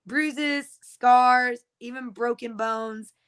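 Chatty woman with a higher voice. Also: fairly even intonation, drawn-out words, fairly bright tone, clear, resonant tone. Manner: chatty, many fillers and restarts. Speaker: co-host. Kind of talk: casual podcast chat.

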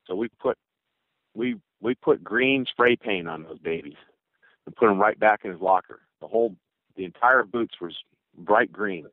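A man's voice: lowish voice, normal speed, dry recording, phone-quality sound. An older man talks through a cell phone, and the line sounds thin and dry. He rambles through his stories, laughing and joking as he goes. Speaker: former pro baseball player as guest. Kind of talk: casual storytelling interview.

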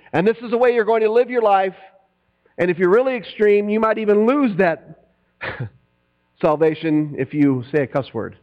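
Animated preaching man, high voice. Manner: animated, swings from loud preaching to quiet asides. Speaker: pastor. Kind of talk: sermon. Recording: dull lo-fi recording with mains hum.

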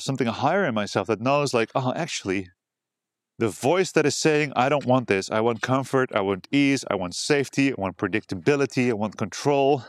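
A man hosting a podcast, giving an earnest, expressive motivational monologue and laughing often. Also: mid-range voice, no room sound, studio quality. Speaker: podcast host.

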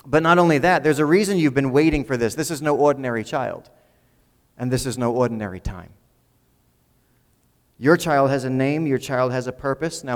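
A man's voice: mid-range voice, clear, resonant tone, long reverb tail. A man preaching a sermon in a conversational way, often repeating words as he builds a point. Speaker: pastor.

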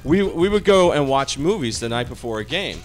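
A man's voice: medium pitch, animated, brisk, soft background music. A man telling a story in casual group banter on a podcast, laughing as he goes. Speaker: podcast co-host.

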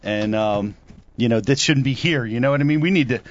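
A man co-hosting a talk show, telling long rambling stories in a casual, animated way. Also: medium pitch, fairly quick, lo-fi sound. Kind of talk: casual chat.

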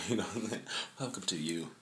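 A man's voice: sits low, brisk, slight background noise. A man hosting a podcast in casual chat, a loose, profane storyteller who laughs often. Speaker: podcast host.

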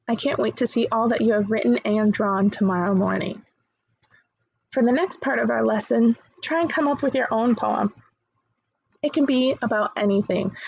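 Woman teacher, gentle and encouraging, husky voice, dry close sound. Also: a little high, dry recording, rough recording. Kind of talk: recorded remote lesson, reading poems aloud.

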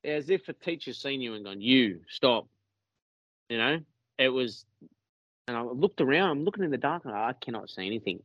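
An Australian man, a podcast guest, telling a story in a casual, animated way, swearing freely and laughing along. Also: mid-range voice, a little fast, dry recording. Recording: muffled lo-fi, dry.

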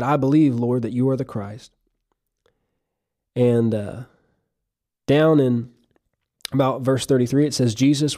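Male preacher, sermon, mellow dark tone, earnest emphatic delivery. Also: medium pitch. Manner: earnest, emphatic preaching, reading scripture aloud.

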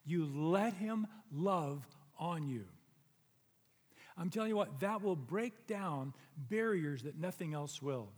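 Middle-aged male pastor, high voice, earnest conversational sermon, reverberant church hall. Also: lively intonation, slow pace. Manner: earnest, conversational preaching with rising emphatic peaks. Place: church sanctuary. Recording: long reverb of a large hall.

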